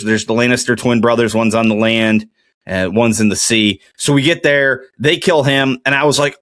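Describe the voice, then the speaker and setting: A man's voice: medium pitch, steady tone, normal speed, a bit bright, no room sound. A man hosting a casual solo podcast, muttering guesses through a quiz and then rambling through a TV recap with lots of fillers. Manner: thinks aloud while playing a geography quiz, muttering guesses. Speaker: podcast host.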